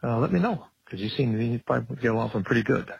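A man calling in to a radio show, asking a question in a slow, hesitant way. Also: mid-range voice, expressive, gravelly, a little mellow, breathy edge. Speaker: caller. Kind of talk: phone-in question. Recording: dull phone-in line with faint noise.

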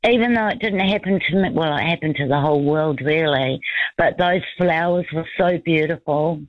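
A woman's voice: deep voice, moderate pace, no room sound. A woman calling in to a radio show, reminiscing in a rambling way with many fillers. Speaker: caller. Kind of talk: casual phone-in chat. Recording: muffled phone line.

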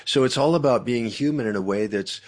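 A man guesting as an author, speaking in an animated, emphatic, preacherly way about faith and communication. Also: mid-range voice, a little fast. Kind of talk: faith-based interview talk.

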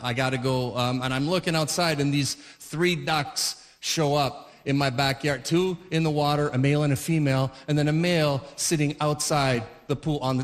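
A man in his forties tells rambling stand-up stories full of fillers and little acted-out voices. His voice sits high for a man, and the stage sound carries a long hall reverb. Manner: rambling storytelling with fillers, acts out characters. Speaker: stand-up comedian. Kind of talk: stand-up comedy routine.

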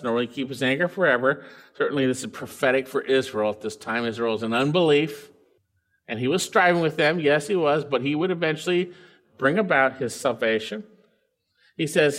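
A man preaching a verse-by-verse sermon, reading scripture and then explaining it with emphasis and questions to his listeners. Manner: emphatic, swings from loud highs to quiet lows; reads scripture aloud and asks the congregation questions. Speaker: pastor.

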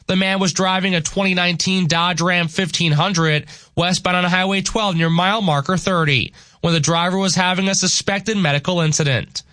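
A man reading scripted regional news on radio with a crisp, steady delivery. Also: high-pitched, normal speed, no echo. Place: radio studio.

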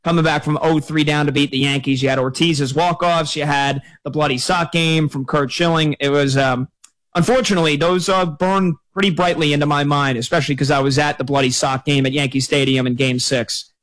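Male sports radio host, slightly higher voice, relaxed conversational delivery. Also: fairly quick. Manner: conversational, chatty. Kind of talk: sports radio call-in talk.

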